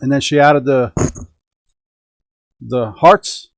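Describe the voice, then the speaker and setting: A middle-aged man hosts a radio-control hobby live stream from home, chatting casually and upbeat with viewers and the chat. His voice is mid-range and creaky, he speaks slowly, and there's no room sound.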